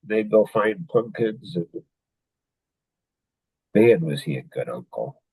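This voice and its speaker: A man speaks slowly and thoughtfully as he shares a personal story, often pausing and restarting his sentences. His voice sits at an ordinary pitch, and the recording is close and dry with no room sound. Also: big pitch swings, creaky, darkish tone, breathy edge, no echo, low-quality recording. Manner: reflective and halting, many pauses and restarts. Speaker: podcast host.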